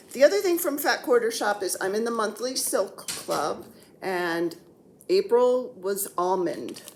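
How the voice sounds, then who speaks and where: Lively, chatty woman in her sixties. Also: medium pitch, creaky, slight background noise. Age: 60s. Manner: chatty, rambling, jokey. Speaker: cross-stitch vlogger. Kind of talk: casual chat. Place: at home, seated on the floor.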